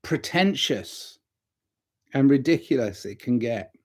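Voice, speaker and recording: A man talking to camera in a rambling, reflective way, telling stories and giving gentle advice. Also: medium pitch, lively intonation, slow, breathy edge. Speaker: vlogger. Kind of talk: casual talking-to-camera monologue.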